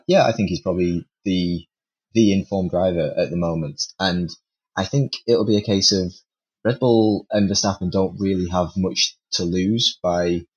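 A man with a very low, husky voice weighs in on a sports podcast. He speaks in a measured way, hedging and repeating phrases while he works out his point. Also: darkish tone, highs cut off. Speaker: podcast panelist. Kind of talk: casual chat.

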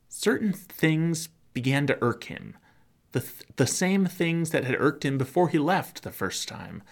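A male pastor delivering a sermon, telling a story in dramatic, rhythmic phrases that often drop to a hush. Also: medium pitch. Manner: dramatic, rhythmic storytelling with soft hushed passages.

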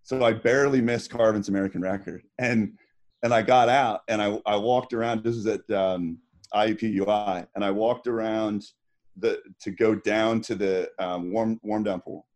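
A man's voice: fairly low pitch, fairly even intonation, moderate pace, a little mellow. A middle-aged man, a former swimmer and podcast guest, telling stories in a rambling casual way. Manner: rambling, lots of restarts and fillers. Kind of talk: casual storytelling.

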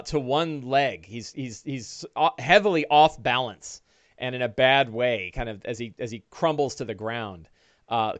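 A man's voice: mid-range voice, dry recording. A man running a one-on-one tabletop game as game master, narrating loosely with many fillers. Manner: descriptive, loose narration full of "uh" and "kinda".

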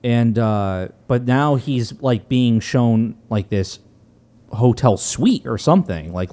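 A man casually recapping movie scenes in a relaxed way, with plenty of fillers. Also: medium pitch, slow pace.

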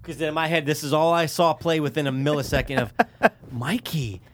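A young man in casual banter with a friend, joking crudely and sometimes drawing his words out slowly. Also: a little high, slight background noise. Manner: joking, crude, drawn-out guesses. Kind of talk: casual chat.

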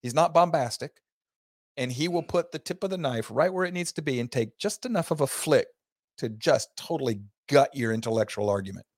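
A man hosting an opinionated talk show. He reads news aloud and breaks into heated, loud rants. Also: medium pitch, expressive, fairly quick, no echo, clean studio sound. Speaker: host.

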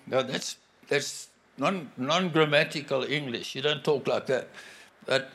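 A man preaching a sermon in an earnest, conversational way, often pausing and restarting his sentences. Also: medium pitch, gravelly, a bit bright. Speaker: guest preacher.

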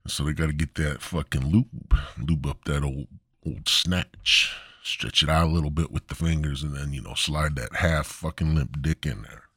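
A man's voice: rumbling low, normal speed, sharp tone, husky, dry recording, clean studio sound. A man hosting a podcast, ranting crudely and rambling in a stand-up style. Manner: profane, rambling, swooping delivery. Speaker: podcast host.

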